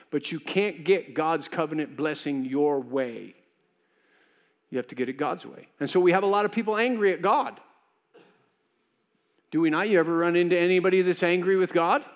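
This pastor's voice sits on the high side and moves at a moderate pace, with dull audio and a long reverb tail. Preaching in church in a conversational style, he performs short voices for God and Cain from his story.

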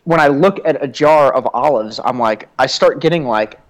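A young man in casual podcast chat, telling stories about himself in a loose, rambling way. He fills his talk with likes and you-knows and keeps poking fun at himself. His voice sits at an ordinary middle pitch. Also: moderate pace, rough recording. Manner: rambling, self-deprecating storytelling with many fillers. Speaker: podcast co-host.

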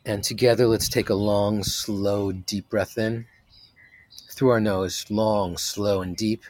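A man leading a guided meditation as its teacher, talking softly and drawing out each phrase. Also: lowish voice, fairly even intonation. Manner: slow, soft-spoken, drawn-out phrasing.

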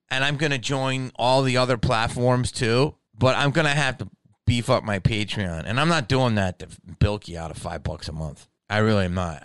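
Profane, riffing comedian with a smooth voice. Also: male voice, mid-range voice, a bit bright, no echo. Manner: slips in impressions. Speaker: comedian and podcast host. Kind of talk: comedic podcast monologue.

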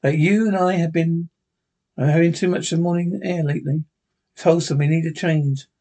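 A man's voice: fairly high pitch, steady tone, a little fast, warm tone. A man reading the part of an older male doctor turned gambler, dry and matter-of-fact.

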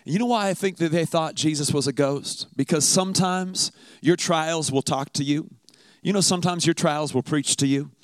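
A man's voice: on the high side, moderate pace, no echo. A man preaching a sermon in a conversational, emphatic way, often repeating words for effect.

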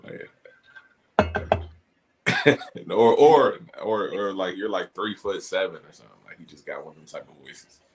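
A man from Cleveland co-hosts a casual podcast, teasing his partner in loose slang. His voice sits low in pitch, and he takes his time with a slow, drawn-out pace. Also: big pitch swings, a little mellow, slight background noise. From Cleveland, Ohio, USA. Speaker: podcast co-host. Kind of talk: casual chat.

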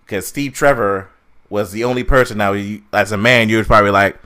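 A man's voice: lowish voice, fairly even intonation, brisk, pushed and bright. A man co-hosting a podcast, ranting in casual chat with a lot of swearing and mocking asides. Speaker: podcast co-host reviewing a film.

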